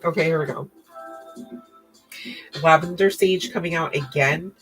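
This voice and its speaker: A woman with a somewhat low voice talks through a tarot reading in a loose, casual way. She is blunt and slangy, swears freely, and laughs between cards. Faint music plays under her voice. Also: measured pace, pauses often, rough recording. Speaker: tarot card reader.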